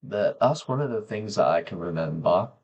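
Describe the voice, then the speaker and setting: A man talking slowly and softly to camera, pausing often as he reflects on personal memories. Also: low voice, expressive, husky, highs cut off. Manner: slow, soft-spoken, pausing often. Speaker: vlogger.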